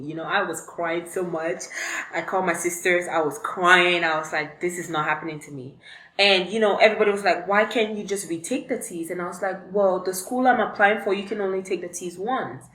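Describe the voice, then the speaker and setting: A woman's voice: on the low side, brisk, a bit bright, slight background noise. A young woman, telling a story in a casual, chatty vlog with lots of fillers. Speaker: vlogger. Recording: echoey room.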